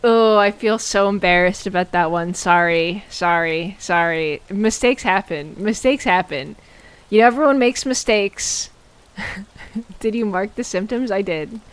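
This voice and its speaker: A woman streaming a game, chatting casually and playfully, mocking herself and exclaiming loudly when startled. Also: medium pitch, unhurried, clear, resonant tone. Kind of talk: casual gameplay commentary.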